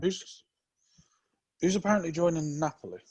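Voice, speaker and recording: A man's voice: on the high side, normal speed, a little mellow, husky. A man co-hosting a casual football podcast, jokey and full of questions. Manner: quizzing, jokey.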